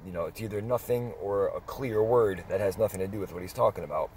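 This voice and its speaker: A middle-aged man telling a story in a casual, rambling way, pausing and restarting as he goes. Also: on the low side, a little mellow, a little hiss or hum. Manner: rambling, conversational, with pauses and restarts. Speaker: dog vlogger.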